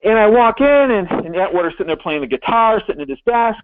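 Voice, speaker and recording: High-voiced older man on a phone line. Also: animated, fast, no echo. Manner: rambling with many restarts, emphatic. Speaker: guest. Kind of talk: phone-in interview storytelling.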